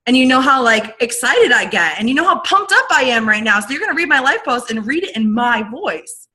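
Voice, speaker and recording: A young woman giving an energetic, rambling coaching talk to her team on a video call. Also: high-pitched, fairly quick, poor audio. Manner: energetic, animated, rambling with restarts. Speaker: network marketing team leader.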